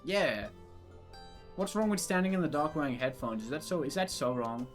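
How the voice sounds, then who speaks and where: A man's voice: fairly high pitch, expressive, normal speed, soft background music. A young man streaming a visual novel, narrating its lines and chatting in a giggly, rambling way with casual swearing. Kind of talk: reading a visual novel aloud with live chat.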